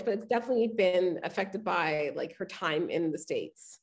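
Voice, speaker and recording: A woman co-hosting a podcast in casual chat, animated and acting out the voices of people she quotes. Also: mid-range voice, quick pace, hardly any pauses. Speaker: podcast co-host.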